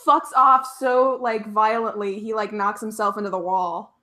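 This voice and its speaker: A woman's voice: mid-range voice, steady tone, moderate pace, sharp tone. A woman co-hosting a podcast, chatting casually in a blunt, wry, sweary way. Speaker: podcast co-host. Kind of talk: casual chat.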